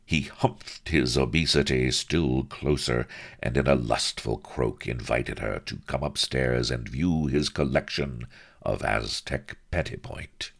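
A man's voice: extremely low pitch, measured pace, vocal fry, husky. A man narrating a comic adventure story with a wry, mock-grandiose delivery. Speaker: audiobook narrator.

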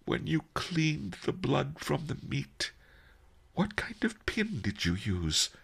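A high, breathless, weepy merchant, plump and gluttonous, swinging between hushed whispers and anguished cries, as a man acts him out. Gravelly edges crack through the strained, slow storybook delivery. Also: huge pitch swings, heavily acted. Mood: whispering. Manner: breathless, whispering then howling and weeping. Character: gluttonous fat male merchant, emotional.

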